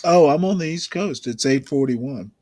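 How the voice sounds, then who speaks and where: A man's voice: fairly high pitch, expressive, moderate pace, a little mellow, dry recording. A man from Georgia in casual chat, joking in a dry, teasing way. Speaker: chat partner.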